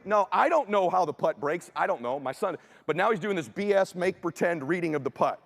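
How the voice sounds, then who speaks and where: A middle-aged man giving a motivational keynote as a story, acting out dialogue in punchy short sentences with casual swearing and sudden shouts. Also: sits high, a little fast, creaky, hardly any pauses. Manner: animated, acts out dialogue, bursts into shouts. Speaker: motivational speaker. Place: conference stage before an audience.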